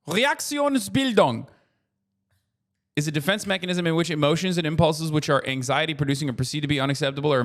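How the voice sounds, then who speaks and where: A man's voice: mid-range voice, fairly bright tone. A man in his thirties streaming casual political commentary, ranting with heavy profanity.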